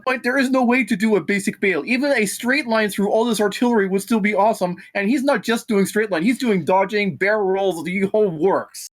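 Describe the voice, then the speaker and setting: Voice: medium pitch, fairly quick, hardly any pauses. A tabletop role-play player confidently describing their character's actions.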